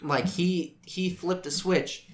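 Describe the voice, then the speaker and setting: A man's voice: high-pitched, fairly even intonation, slow, a little hiss or hum. A man co-hosting a casual chat about tabletop role-playing, explaining things earnestly with some stammered restarts. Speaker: podcast co-host.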